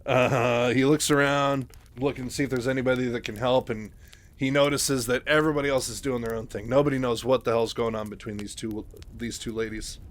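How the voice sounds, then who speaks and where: A man's voice: medium pitch, fairly even intonation, a little fast. A man casually retelling a novel, loose and full of fillers. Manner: loose, filler-heavy, lots of "like". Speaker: book retelling host.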